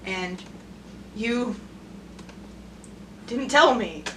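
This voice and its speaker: A woman at a tabletop session talks bluntly and swears freely, her voice bright and sharp and a little high. She sits a bit back from the mic, with faint noise behind. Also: animated, very slow, distant mic. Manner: blunt and sweary, laughing often. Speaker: player. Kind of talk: casual tabletop play.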